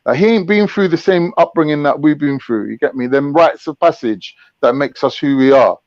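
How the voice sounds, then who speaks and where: A man's voice: fairly high pitch, normal speed, hardly any pauses, dry recording. A man hosting a casual chat, ranting and mocking in crude slang. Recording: dull, dry lo-fi mic.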